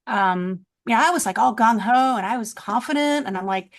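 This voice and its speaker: A woman veterinarian chatting casually on a podcast, telling lively stories and acting out the voices of people in them. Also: fairly high pitch, moderate pace, few pauses. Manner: animated, acts out voices in stories. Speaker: veterinarian guest.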